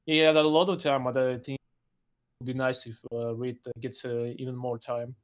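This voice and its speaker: A man speaking halting English. He is a guest in a casual chat, with frequent pauses and loose grammar. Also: medium pitch, flat delivery. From Russia. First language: Russian. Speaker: podcast guest.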